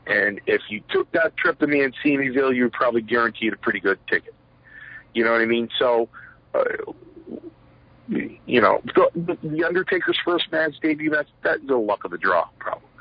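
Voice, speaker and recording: Husky former wrestler, rambling storyteller. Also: male voice, mid-range voice, big pitch swings, normal speed. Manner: rambling, many fillers, acts out quotes. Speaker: retired pro wrestler, interview guest. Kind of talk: shoot interview storytelling. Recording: dull lo-fi sound, dry.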